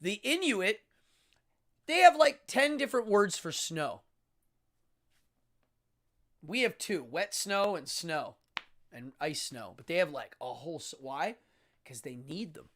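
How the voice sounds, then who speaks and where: Male host, magician type; theatrical, lively pitch, loose livestream chat. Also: takes it slowly, pauses often. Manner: dramatic and animated, stumbling restarts. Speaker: magician and occultist hosting a live show. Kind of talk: casual livestream monologue.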